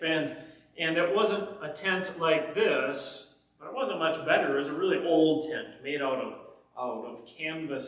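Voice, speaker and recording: Male pastor, kids' sermon storyteller, fairly high voice, heavy echo, recorded from far off. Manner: animated storyteller addressing kids. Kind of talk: children's message storytelling. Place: church. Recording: echoey church from far off.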